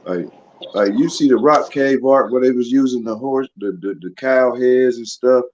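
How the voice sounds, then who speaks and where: A man with a mid-pitched voice talks casually on an online group call, relaxed and wandering between thoughts. The audio is dull and muffled. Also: normal speed.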